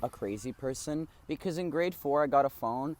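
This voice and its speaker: A man's voice: mid-range voice, moderate pace. A teenage young man co-hosting a podcast, chatting casually in a rambling way, swearing freely and acting out people in his stories. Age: teens. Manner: rambling, swears freely, acts out voices in anecdotes. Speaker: podcast co-host. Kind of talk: casual chat.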